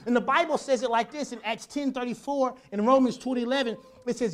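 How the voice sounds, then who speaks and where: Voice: mid-range voice, fairly even intonation, fast, few pauses. Emphatic preacher who repeats key phrases. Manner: builds from quiet to loud passages; stammers and restarts on phrases. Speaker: pastor. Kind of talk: sermon.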